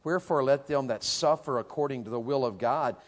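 A man preaching a sermon to a young audience, dropping low and quiet, then rising to shouts and repeating words for emphasis. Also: fairly quick.

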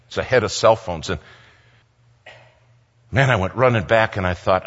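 A man telling an animated story to a congregation and acting out the voices. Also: fairly low pitch, normal speed, pauses often. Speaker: speaker to a congregation. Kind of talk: storytelling sermon. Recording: dull sound with long hall reverb.

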